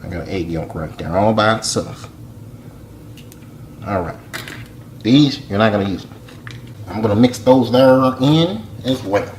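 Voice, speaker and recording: A man giving a casual cooking demonstration in a home kitchen, with folksy, relaxed step-by-step instructions. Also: on the low side, a little slow, pauses often, slight background noise.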